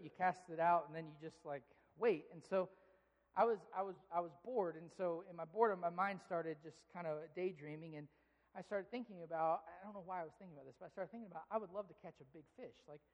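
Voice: mid-range voice, lo-fi sound. Preacher telling a story in a reverberant hall. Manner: storytelling, acting out dialogue, rambling restarts. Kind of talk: sermon with a personal story.

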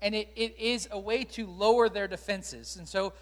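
A man's voice: high voice, fairly even intonation, moderate pace. A man, a pastor, answering questions from his congregation in a candid, conversational way, with frequent ums and restarts. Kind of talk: sermon Q&A to a live congregation. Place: church auditorium. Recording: long reverb of a large hall.

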